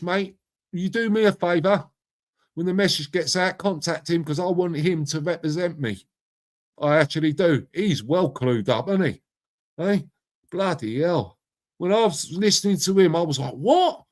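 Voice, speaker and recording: Chatty man, matey and higher-pitched. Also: moderate pace, darkish tone. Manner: chatty, matey, swears freely, addresses viewers by name. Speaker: live stream host reading chat. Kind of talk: casual chat.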